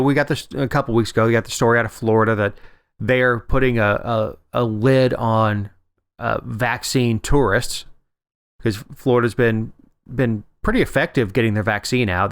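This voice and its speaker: A man's voice: lowish voice, fairly bright tone, smooth, no room sound, clean studio sound. Rambling wry man co-hosting a chat. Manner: rambling, restarts a lot, wry. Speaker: podcast co-host. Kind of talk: casual political chat.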